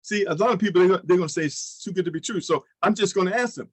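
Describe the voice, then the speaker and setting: A man leading an online sales training, coaching listeners with energetic questions and example pitches. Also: fast, slightly rough, no room sound, low-quality recording.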